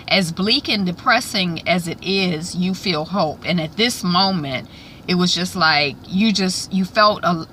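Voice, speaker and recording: A woman host chatting casually in a vlog recap, rambling with many fillers and restarts, now and then bursting with excitement. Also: medium pitch, slight background noise.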